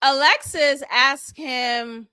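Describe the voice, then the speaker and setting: A woman's voice: high-pitched, very slow, sharp tone, no echo, clean studio sound. A woman hosting a casual reality show recap, candid, opinionated and chatty. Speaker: show review host.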